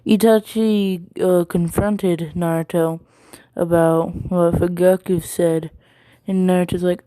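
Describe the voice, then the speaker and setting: A woman's voice: on the low side, little pitch movement, unhurried, dark tone, clean tone, dry recording. A woman casually retelling a fan story, rambling with many ums and likes.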